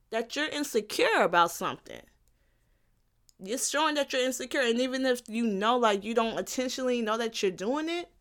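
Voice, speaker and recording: A woman's voice: fairly high pitch, a bit bright. A young woman talks into her home mic for a solo podcast episode. She rants bluntly and swears freely. She circles back to repeat her points and laughs at her own lines. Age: young adult. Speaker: podcast host. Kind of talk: casual solo podcast rant.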